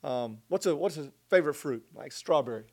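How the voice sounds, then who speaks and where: A middle-aged man telling a personal faith story as a guest in conversation, earnest and animated. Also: fairly high pitch, fairly quick. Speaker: guest sharing his testimony.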